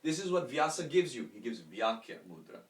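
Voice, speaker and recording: A man teaching a spiritual lecture, explaining terms slowly and leading call-and-response recitation while asking rhetorical questions. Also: mid-range voice, very animated. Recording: echoey room, voice from a distance.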